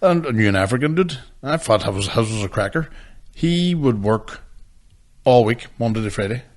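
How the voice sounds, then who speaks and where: A man's voice: medium pitch, lively intonation, moderate pace. A man co-hosting a podcast, telling jokey, sweary stories in casual banter. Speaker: podcast co-host.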